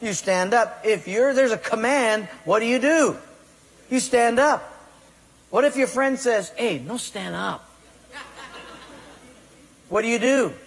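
A man's voice: very high voice, slow pace, long pauses, breathy edge. A man preaching a sermon emphatically, acting out people's excuses and God's commands in quoted voices. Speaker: pastor. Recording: long hall reverb.

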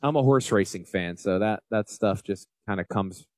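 A man in his forties with a Northern US accent, hosting a casual financial talk radio show in an animated, emphatic and folksy way. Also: lowish voice, normal speed, dry recording. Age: 40s. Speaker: financial advisor radio host.

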